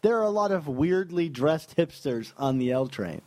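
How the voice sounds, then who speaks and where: A chatty, enthusiastic man from New York, trading thoughts on comics with his podcast co-host. His voice sits a little high for a man. It sounds close and dry, with almost no room around it. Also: lively intonation, moderate pace, a little mellow, dry recording. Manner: enthusiastic, laughs easily, many fillers. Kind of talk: casual comics discussion.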